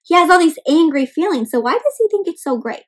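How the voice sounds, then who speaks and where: A woman doing an interactive read-aloud of a picture book for children, expressive, gasping and asking the kids questions. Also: extremely high pitch, fast, low-quality recording. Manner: expressive, often gasps, asks kids questions. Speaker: children's storyteller.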